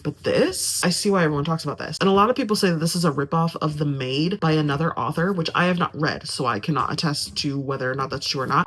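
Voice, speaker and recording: Gushing young woman reviewing books. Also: low-pitched. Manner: gushing, emphatic, repeats phrases for effect. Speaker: book reviewer. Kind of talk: casual book review vlog.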